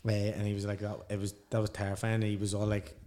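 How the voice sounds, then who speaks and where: A man spins a loose, sweary travel yarn in relaxed conversation. He breaks into laughter at his own punchlines and acts out the lines of the people in his stories. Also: on the low side, fast. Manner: sweary, animated storyteller who laughs through his own tales. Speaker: podcast guest. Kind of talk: casual storytelling chat.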